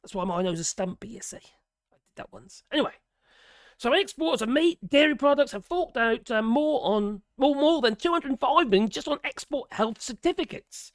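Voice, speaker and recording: A British man with a raspy voice, talking in a sarcastic, exasperated rant and swearing freely. His pitch swoops up and down as he talks. The sound is dry and close, with no room echo. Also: expressive, normal speed. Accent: British English. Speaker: political commentator. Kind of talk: casual ranting commentary.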